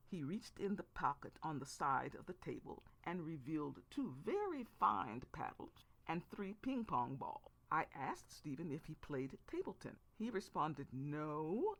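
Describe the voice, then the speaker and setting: A woman reading her own novel aloud in expressive first-person audiobook narration. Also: deep voice.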